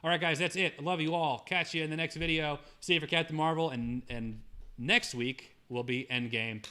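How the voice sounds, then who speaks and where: A man's voice: fairly high pitch, fairly even intonation, moderate pace, sharp tone. A young man hosting a casual livestream, gratefully reading viewer messages aloud with frequent restarts. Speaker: livestream host.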